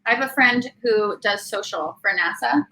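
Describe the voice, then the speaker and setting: A woman's voice: on the high side, normal speed, sharp tone, poor audio. Playful, giggly woman co-host. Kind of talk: casual live show chat.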